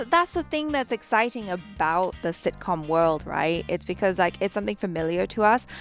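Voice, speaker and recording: A woman co-hosting a reaction show, reflecting thoughtfully in casual chat and acting out characters' lines. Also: on the low side.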